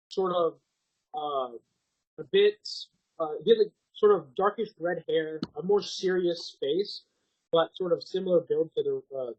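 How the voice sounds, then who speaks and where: A man's voice: fairly high pitch, breathy edge, muffled recording. A young man narrating as game master, hesitant and full of fillers, swearing casually as he improvises.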